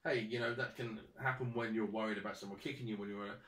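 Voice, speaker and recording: A man's voice: fairly low pitch, steady tone, quick pace, a bit bright. A young man hosting a casual sports podcast, laying out numbered points and raising provocative questions. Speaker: podcast host. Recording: roomy, mic at a distance.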